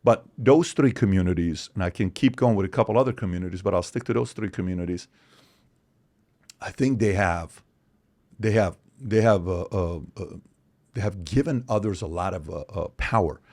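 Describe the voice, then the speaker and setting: A man from Iran, a podcast guest in casual conversation, talking in an animated, emphatic way. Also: low voice, moderate pace. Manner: animated, emphatic, acts out other people's voices.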